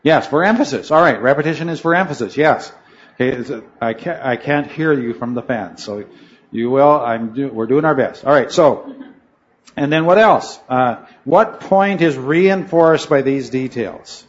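A man's voice: mid-range voice, normal speed, highs cut off. A man teaching a Bible study class, talking in a rambling way, correcting himself mid-sentence and putting questions to his students. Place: room with a noisy fan.

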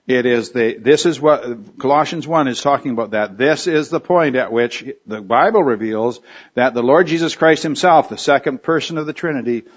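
A man giving a conversational expository sermon, thinking aloud with restarts and fillers as he explains a verse. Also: medium pitch. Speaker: preacher. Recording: dull lo-fi recording.

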